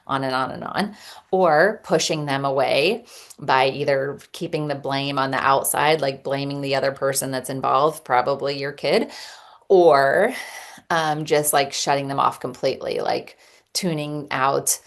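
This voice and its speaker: A woman in her thirties talks through a parenting practice in a loose, chatty way. Her voice sits low and carries a gravelly fry, and she often pauses with ums and starts sentences over. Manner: chatty with frequent ums and restarts. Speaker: podcast host and parent coach. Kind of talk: casual teaching monologue.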